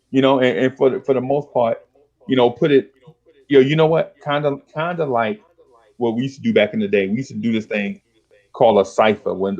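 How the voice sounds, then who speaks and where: On a muffled recording, a middle-aged man with a mid-range voice hosts a podcast and swaps street tales in relaxed conversation. He talks in streetwise slang, tells his stories with real animation, and performs the dialogue of old pals.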